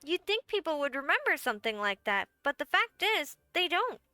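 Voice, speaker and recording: A brassy, tiny innkeeper who runs an adventurers' guild in a game, and she speaks with a lilt. The voice sits high and bright, wry and folksy, with every line dry and close to the mic. A faint game score plays underneath. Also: big pitch swings, moderate pace, no room sound, faint music behind, full character voice. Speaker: game character. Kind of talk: game voice acting.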